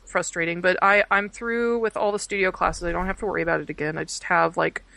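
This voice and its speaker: A woman's voice: fairly low pitch, fairly even intonation, fast, vocal fry, sharp tone, dry recording. A young woman, chatting casually and rambling through many fillers and restarts. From Texas. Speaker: podcast guest, art education student. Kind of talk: casual chat.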